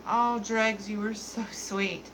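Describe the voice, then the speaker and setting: A woman's voice: mid-range voice, little pitch movement, slow, fairly bright tone, a little hiss or hum, poor audio. A young adult woman hosting a beauty livestream, chatting casually with viewers in a giggly, candid, joking way. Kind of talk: casual livestream chat, reading viewer comments.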